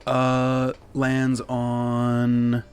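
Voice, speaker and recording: A man's voice: medium pitch, monotone, extremely slow, a little mellow, slight background noise. A man narrating as game master in a laid-back way with many fillers.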